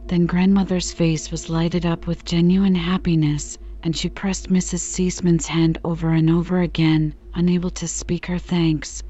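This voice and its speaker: A woman narrates a classic children's book in a calm, measured way. Her voice is mellow and slightly low, and the recording sounds a little dull. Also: faint music behind. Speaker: audiobook reader.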